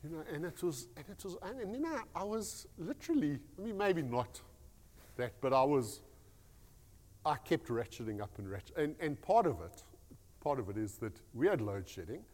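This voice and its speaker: Animated male pastor. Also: a little high, normal speed, long reverb tail. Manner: animated storytelling, rambling restarts. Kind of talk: devotional talk.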